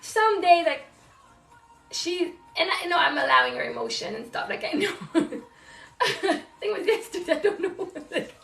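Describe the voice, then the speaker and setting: A woman's voice: extremely high pitch, expressive, normal speed, creaky, a bit bright, echoey room, recorded from a distance, soft background music. A woman venting candidly about motherhood in casual live-stream chat while folding laundry at home, swearing and laughing often. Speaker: live streamer, single mom.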